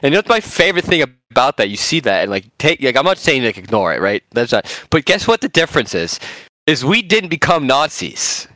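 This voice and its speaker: A man's voice: medium pitch, a little fast. Guy on a podcast ranting and swearing a lot, dry sound, nothing echoey. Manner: profane, animated ranting. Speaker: podcast co-host. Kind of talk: casual banter.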